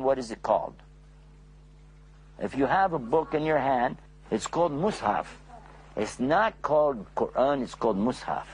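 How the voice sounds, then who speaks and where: A man telling a religious story to children in an animated way, often asking his listeners questions. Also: mid-range voice, creaky, breathy edge.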